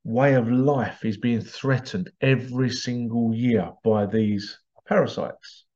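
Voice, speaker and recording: A man hosting a show, giving a monologue with animated storytelling and rhetorical questions. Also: medium pitch, slow, lo-fi sound. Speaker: host. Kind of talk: monologue commentary.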